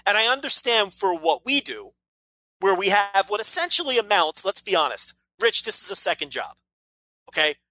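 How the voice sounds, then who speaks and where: A man's voice: high voice, very animated, normal speed, pushed and bright, dry recording, low-quality recording. A man co-hosting a casual podcast, opinionated and ranting, swearing freely as he makes his case. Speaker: podcast co-host.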